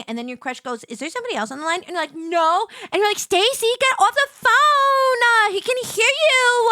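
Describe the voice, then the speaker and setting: A woman streamer chatting casually while playing a game, telling stories in an animated way. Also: on the high side, no room sound, studio quality. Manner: animated storytelling with laughs. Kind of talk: casual chat while gaming.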